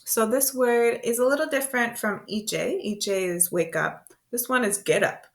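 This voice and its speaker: A woman teaching beginner words to parents, slow and patient, repeating each word in rhythm. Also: fairly high pitch, creaky. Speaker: language teacher. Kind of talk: beginner language lesson.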